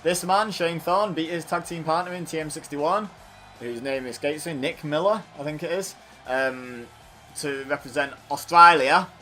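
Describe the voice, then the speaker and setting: A man's voice: a little high, moderate pace, bright, forceful tone, faint music behind. Chatty man calling game matches. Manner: chatty and self-mocking, riffing between play-by-play calls. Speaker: gaming channel host. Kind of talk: video game commentary.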